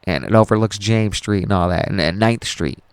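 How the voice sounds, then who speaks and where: A man's voice: on the low side, fairly quick, clean tone, no echo. A young man hosting a podcast, telling a personal story in a rambling, profane and emotional way. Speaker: podcast host.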